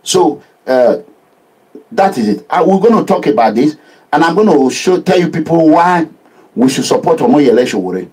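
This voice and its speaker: A man with a Nigerian accent giving an impassioned social media address as a political activist, animated and preachy, full of proverbs. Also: fairly high pitch, normal speed, slightly rough, low-quality recording.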